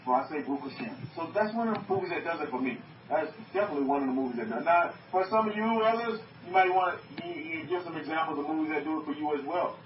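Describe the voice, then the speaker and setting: Guy preaching, high voice, keeps asking the crowd stuff, echoey muffled room, mic far away. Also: fast talker, few pauses, a little hiss or hum. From North America. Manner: emphatic, repeats phrases, asks the audience questions. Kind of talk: sermon to an online group.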